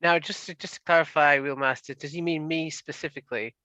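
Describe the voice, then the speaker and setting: Man, player in a tabletop game, bright, forceful, theatrical, dry close mic. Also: on the high side, steady tone, brisk, no echo, lo-fi sound. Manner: theatrical, stumbling restarts. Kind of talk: in-character tabletop play.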